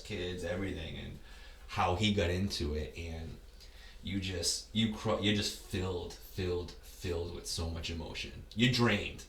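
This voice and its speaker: Low-voiced man rambling in a roomy space. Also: fairly bright tone, distant mic, a little hiss or hum. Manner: rambling, repeats and restarts words. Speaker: podcast guest, ultra race runner. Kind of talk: casual conversation.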